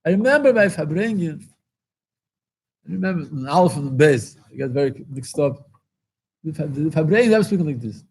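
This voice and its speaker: A rabbi speaking at a farbrengen, impassioned, repeating phrases for emphasis and rising to exclamations. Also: male voice, on the high side, very animated, a little fast, long pauses. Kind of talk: farbrengen talk.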